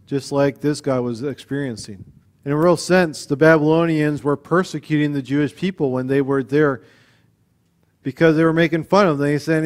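A man preaching a sermon on a psalm, earnest, often repeating and restarting words, moving between soft, low passages and louder, emphatic ones.

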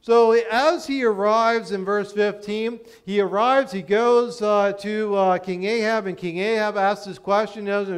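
A man's voice: high-pitched, fairly even intonation, a little slow, hardly any pauses, smooth. A man from Pennsylvania preaching a sermon in a conversational way, explaining with rhetorical questions.

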